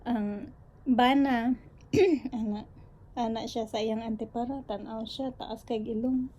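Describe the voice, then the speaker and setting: A woman with a Filipino accent telling a personal story in a vlog, mixing in a second language and often clearing her throat. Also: on the high side, steady tone, measured pace, mellow, dull audio, slight background noise. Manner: switches between English and Cebuano, frequent throat clearing. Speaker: vlogger.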